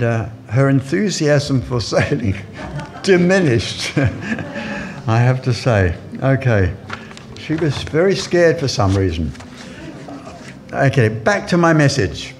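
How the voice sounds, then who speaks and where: A man's voice: mid-range voice, sing-song, takes it slowly, pauses often, a little mellow. A man from New Zealand preaching a sermon in church, telling anecdotes with chuckling asides and fillers.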